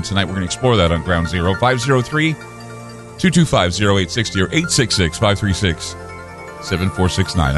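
A middle-aged male radio talk show host telling a story in an animated monologue, with frequent restarts. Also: low voice.

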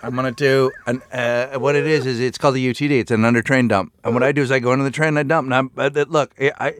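A man putting on a small boy earnestly explaining why he hid, talking in halting, mock-earnest starts. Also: mid-range voice, steady tone, fairly bright tone, natural voice. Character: little boy Finn explaining himself, earnest.

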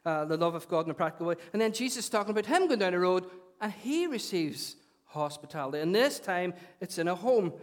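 A man with a Northern Irish accent preaching a conversational, animated sermon in a church, often repeating his phrases. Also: sits high. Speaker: pastor.

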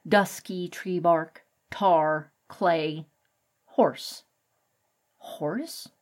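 A woman reading a children's animal story aloud in a calm, measured way. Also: fairly low pitch. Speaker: narrator. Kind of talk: audiobook narration.

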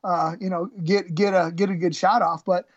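A man, a former college wrestler, telling his story as a podcast guest in a halting, candid way, with many restarts. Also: high-pitched, level tone, dry recording, muffled recording.

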